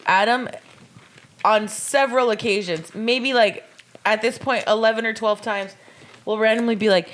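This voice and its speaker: A woman's voice: a little high, fairly even intonation, moderate pace, fairly bright tone. A woman co-hosting a casual podcast, teasing and swearing while she talks. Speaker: podcast co-host. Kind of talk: casual chat.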